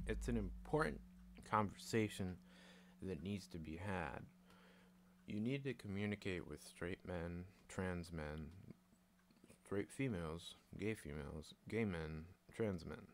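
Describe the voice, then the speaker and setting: A low-pitched man, animated and unhurried, rants bluntly while streaming alone, with slight background noise behind him. Swearing and frequent laughs run through the casual monologue as he voices both sides of each exchange.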